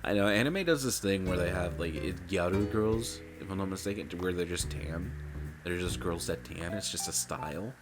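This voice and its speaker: Deep-voiced man chatting casually. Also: moderate pace. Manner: rambling, profane, laughs often. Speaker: streamer. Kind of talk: casual chat while gaming. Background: music.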